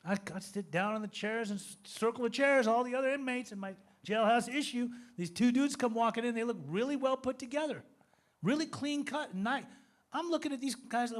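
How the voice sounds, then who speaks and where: A man in his fifties with a notably high voice gives a recovery testimony. He tells his story with animated, joking energy. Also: moderate pace. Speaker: recovery speaker.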